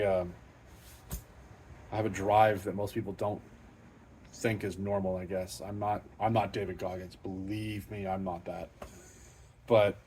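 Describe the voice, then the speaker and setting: In his home garage, a middle-aged car channel host talks off the cuff, dropping swear words and poking fun at himself in a blunt, matter-of-fact manner. The voice is on the low side and darkish, with slight background noise.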